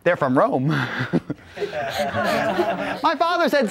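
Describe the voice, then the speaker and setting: A man in his forties telling a comic story, animated and full of vocal sound effects. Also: high voice, moderate pace. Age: 40s.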